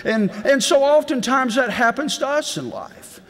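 A middle-aged man preaching a devotion in a folksy storytelling manner, swinging between loud and hushed delivery. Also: very high-pitched, animated, normal speed. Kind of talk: sermon. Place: large legislative chamber. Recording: long reverb in a big hall.

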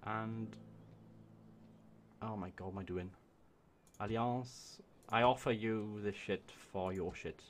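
Excitable swearing man in his twenties. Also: fairly low pitch, slow pace, pauses often, slight background noise. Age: 20s. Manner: excitable, swearing, chatting to himself. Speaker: let's play host. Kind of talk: live gameplay commentary.

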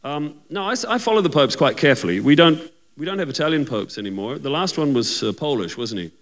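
A male stand-up comedian who chats and teases, checking in with the crowd with short questions. His voice sits fairly high for a man and moves about freely in pitch. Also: expressive, fast. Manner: chatty, teasing, asks the crowd for agreement.

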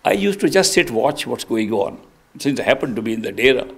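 An older man, a spiritual teacher, giving a devotional discourse in an earnest, reflective storytelling manner that swings between soft and emphatic. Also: mid-range voice, sing-song, brisk, gravelly, slightly rough.

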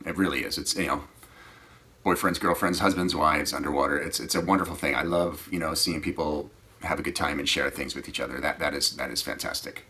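A man who teaches scuba, telling rambling, animated stories in a casual way that often trails off quietly. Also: very deep voice, brisk. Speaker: scuba diving instructor. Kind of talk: casual anecdotal storytelling.

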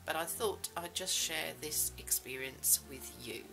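A woman's voice: deep voice, measured pace, vocal fry, over music, low-quality recording. A middle-aged woman vlogging in a rambling, self-mocking way, full of fillers. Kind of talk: casual chat.

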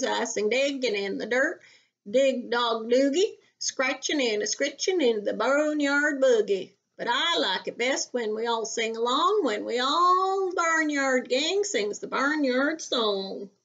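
A woman's voice: high-pitched, expressive, slow, a bit bright, dull audio, exaggerated voice. A woman singing as a cheerful farmer. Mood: hearty.

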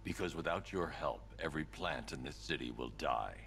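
A man's voice: very deep voice, expressive, moderate pace, a bit bright, a little hiss or hum, heavily acted. An actor playing a grim, brooding male vigilante hero who speaks tersely in a video game.

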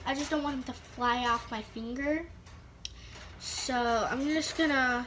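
High-pitched rambling female vlogger. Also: fairly even intonation, unhurried, a bit bright, a little hiss or hum. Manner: rambling, full of "like" and restarts. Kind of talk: casual chat to camera.

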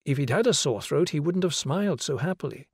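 A man's voice: fairly high pitch, expressive, fairly quick, a little mellow, slightly rough, no echo, studio quality. A man reading the part of a patient, playful young male teacher who explains and questions a class of children. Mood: questioning. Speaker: schoolteacher. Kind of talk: audiobook character reading.

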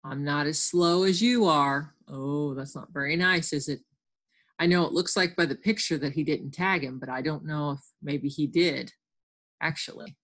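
A woman's voice: low voice, moderate pace, a bit bright. A woman teacher leading a reading lesson for children over a computer microphone, patient and explanatory.

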